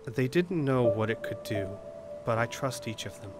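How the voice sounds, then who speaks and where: A man voicing a small, desperate female fairy in a tabletop game, speaking quietly and earnestly. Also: mid-range voice, expressive, normal speed, slight background noise, close to an everyday voice.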